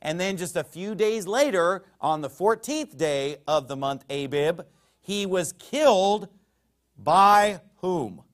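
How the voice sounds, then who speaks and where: Male pastor, high-pitched, emphatic sermon delivery, quotes scripture in archaic wording. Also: lively intonation, a little slow. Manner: emphatic preaching with sharp swings in loudness.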